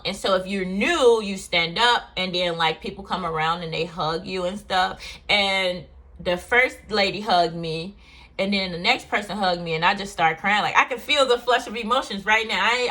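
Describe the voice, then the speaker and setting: Bright-voiced woman telling a personal story. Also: medium pitch. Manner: candid, emotional, rambling with fillers. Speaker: vlogger.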